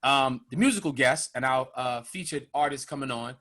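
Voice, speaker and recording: A man's voice: mid-range voice, moderate pace, sharp tone. A man in his thirties hosting a podcast, telling a rowdy story in casual chat and addressing the audience directly. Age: 30s. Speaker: podcast host.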